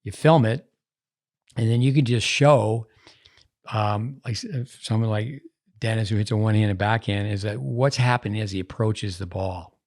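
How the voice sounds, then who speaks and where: A podcast host with a low, gravelly, darkish voice talks casually at a moderate pace, drifting easily from story to story. He sounds conversational rather than polished.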